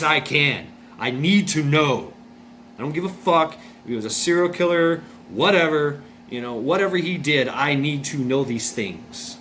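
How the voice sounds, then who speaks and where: A man's voice: fairly high pitch, fairly bright tone. Rambling man telling a story over AC hum. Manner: rambling, repeats himself, many uh's and restarts; blunt, swears freely. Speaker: vlogger. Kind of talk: casual personal storytelling. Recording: noisy room with air conditioner hum. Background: air conditioning hum.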